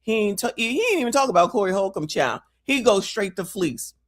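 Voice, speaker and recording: A woman's voice: medium pitch, lively intonation, brisk. Woman host, sassy and roasting, voice swinging up and down, casual call-in chat. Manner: sassy, roasting, says "child" often.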